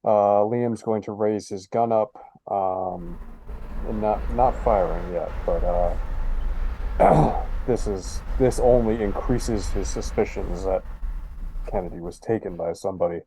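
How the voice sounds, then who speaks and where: A man playing a tabletop game, speaking in a hesitant, measured way. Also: fairly low pitch, mellow, a little hiss or hum. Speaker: player.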